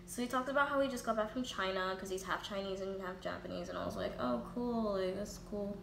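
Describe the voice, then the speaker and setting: Speaking fast in a gravelly, mid-range voice with big swings in pitch, this young woman vlogger reenacts conversations in a candid, profane storytime, voicing herself and the other people. There's a roomy echo, faint ambience, and a little hiss or hum.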